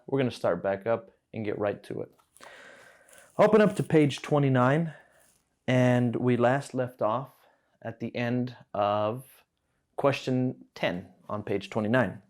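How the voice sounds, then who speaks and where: A man gives a language lesson at a whiteboard, patient and steady. He slows down to spell out each word and repeats phrases so students can follow. His voice sits at an ordinary middle pitch for a man. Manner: patient, explains slowly and repeats words. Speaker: Arabic teacher.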